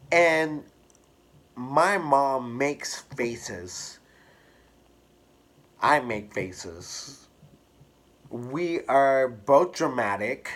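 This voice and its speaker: A man candidly telling a personal story to camera in an expressive, drawn-out way. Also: medium pitch. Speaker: hairstylist vlogger.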